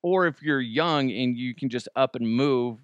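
A man's voice: mid-range voice, unhurried, clear, resonant tone, no room sound, highs cut off. A man from Colorado hosting a casual podcast, rambling and joking at his own expense. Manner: rambling, self-deprecating, jokey asides. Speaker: podcast host. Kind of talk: casual solo chat.

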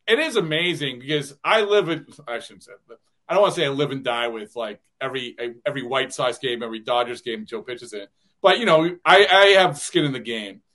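A male radio broadcaster guests on a podcast in casual conversation. He rambles through anecdotes, often starts his sentences over and chuckles as he goes. His voice sits a little high. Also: sharp tone. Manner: rambling storyteller, many restarts, chuckles often. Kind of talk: casual interview chat.

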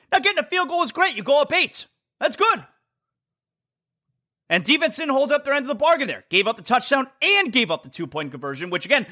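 A man's voice: very high-pitched, sharp tone. A man hosting a sports talk show, delivering an emphatic, blunt monologue that repeats its points and mocks rival teams. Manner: emphatic, repetitive, blunt and mocking.

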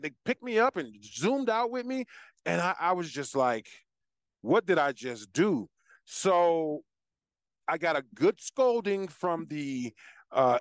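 A man casually telling a long personal story as host, with animated asides and frequent restarts. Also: a little high, clean tone, no echo, clean studio sound. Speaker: podcast host.

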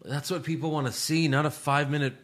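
Bright-voiced man recapping wrestling. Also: fairly high pitch, quick pace. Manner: animated, jokey, mimics wrestlers in quotes. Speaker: podcast host. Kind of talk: casual wrestling recap chat.

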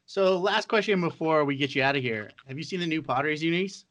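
A man's voice: fairly high pitch, brisk, fairly bright tone. A man hosting a podcast, asking upbeat casual questions. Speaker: podcast host.

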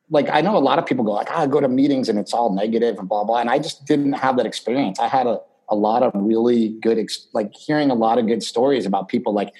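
A middle-aged man with a husky, breathy voice talks as a podcast guest. He tells his story casually, circling back with fillers and restarts. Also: lowish voice, warm tone, low-quality recording. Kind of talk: casual conversation.

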